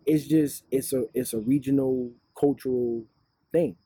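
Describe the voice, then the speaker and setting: A man from Detroit co-hosts a casual podcast and rambles through stories and explanations. His voice is very dark and mellow, with a husky grain, and it sounds dry and close-miked even though the show is recorded outdoors. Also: mid-range voice, a little slow, dry recording. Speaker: podcast co-host.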